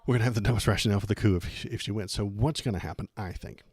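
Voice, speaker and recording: A man's voice: lowish voice, rapid-fire, a little mellow, husky, dry recording. A man hosting a political livestream, giving sarcastic, exasperated commentary.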